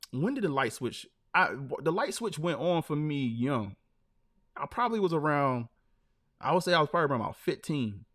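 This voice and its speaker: A man on a casual live stream tells loose stories, often throwing in "man" and "like" between phrases. His voice is on the high side and a bit bright.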